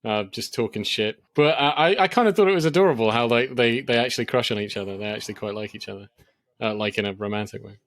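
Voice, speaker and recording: A young man co-hosting a film podcast in casual chat, rambling and laughing, often trailing off into a low mutter. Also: fast talker, no echo. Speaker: podcast co-host.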